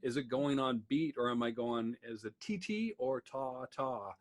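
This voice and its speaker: A man casually explaining a bluegrass singing lesson, talking quickly with many ums over guitar. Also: mid-range voice. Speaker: music teacher. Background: guitar playing.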